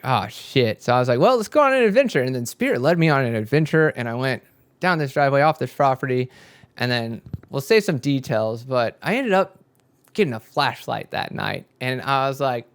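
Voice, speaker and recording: There's no echo on this medium-pitched male voice. He's a young spiritual content creator telling a spiritual story in a loose, rambling way, full of profanity and lively reenactments of his own words and his friends'.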